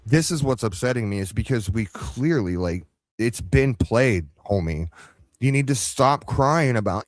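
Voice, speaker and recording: Scolding man with a lively, swinging voice. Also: mid-range voice, moderate pace, no echo. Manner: scolding, sarcastic, mocking. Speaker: commentary channel host. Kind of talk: heated live reaction commentary.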